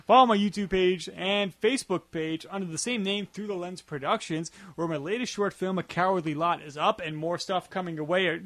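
A man hosting a casual podcast, talking in a relaxed, rambling way with many fillers. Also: high-pitched, fairly quick, few pauses. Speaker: podcast host.

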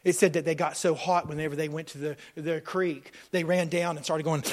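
Delivering a sermon, this middle-aged pastor is animated, acts out voices, and swings between booming and quiet moments. He speaks at a moderate pace on the high side and barely pauses.

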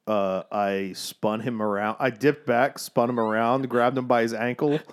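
A man's voice: medium pitch, fairly even intonation, unhurried, smooth. A man co-hosting a casual podcast chat, telling profane stories and acting out the voices of people he quotes. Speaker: podcast co-host.

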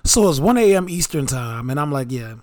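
Podcast co-host, a man with a slightly raised pitch, loose and chatty. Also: very animated, brisk, a little mellow. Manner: loose, laughing storyteller with slang. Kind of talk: casual chat, storytelling.

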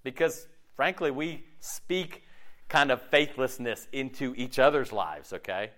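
A man leading a faith-based group discussion, animated and preachy, who keeps checking in with rhetorical questions. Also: mid-range voice, a little slow. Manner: animated, peppered with rhetorical "okay?". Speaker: discussion leader.

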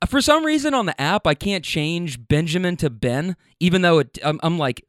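A man's voice: fairly high pitch, animated, moderate pace, hardly any pauses, a bit bright, dry recording, studio quality. A young man hosting a casual solo podcast, telling stories in a chatty way, often laughing and acting out what people said. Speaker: podcast host.

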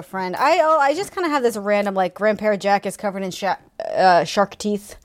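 A woman's voice: mid-range voice, moderate pace, few pauses. Lady cohost chatting about a book, dry jokes, lots of little laughs and half-finished thoughts. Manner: wry, giggly, trails off. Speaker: podcast co-host. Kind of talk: casual book discussion.

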